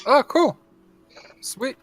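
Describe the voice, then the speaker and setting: A man making dry, drawn-out remarks in a casual group chat. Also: a bit bright, soft background music.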